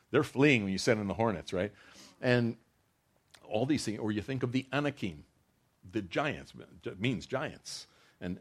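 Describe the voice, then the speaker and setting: Male pastor, lower register, earnest sermon delivery, stumbles and restarts, emphatic swells. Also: breathy edge. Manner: earnest preaching with frequent restarts and rising emphatic bursts.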